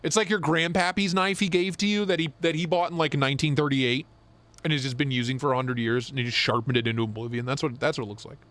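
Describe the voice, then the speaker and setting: A young man co-hosting a live stream, chatting casually and swearing as he jokes and gets excited. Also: on the high side, quick pace, no room sound. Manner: excited, profane, joking. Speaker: knife show co-host.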